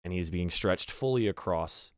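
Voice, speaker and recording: A man narrating a tabletop game as dungeon master, describing scenes with many pauses and fillers. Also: low voice, clear, resonant tone, dry recording, studio quality.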